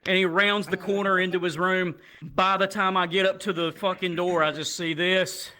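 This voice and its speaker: A young man doing crude, animated stand-up storytelling that jumps up into loud shouts. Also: high voice, moderate pace. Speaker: stand-up comedian.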